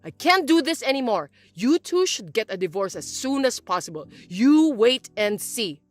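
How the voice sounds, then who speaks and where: Woman voicing an older mother-in-law, shrill, high, swooping, accusing, faint music behind. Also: big pitch swings, normal speed. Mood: scolding. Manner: accusing, nagging, self-pitying. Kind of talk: audio drama acting.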